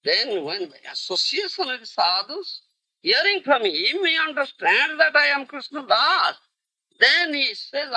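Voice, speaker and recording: A man's voice: very high-pitched, very animated, moderate pace, sharp tone, no echo, low-quality recording. A man giving a devotional lecture, emphatic and forever checking in with his listeners. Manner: emphatic, keeps checking in with "you understand?" and "huh?". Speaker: spiritual teacher. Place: lecture hall in India.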